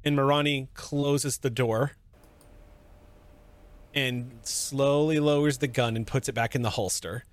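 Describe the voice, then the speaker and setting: A man's voice: mid-range voice, fairly even intonation, measured pace, long pauses. A man narrating a tabletop horror game as game master, describing the scene steadily.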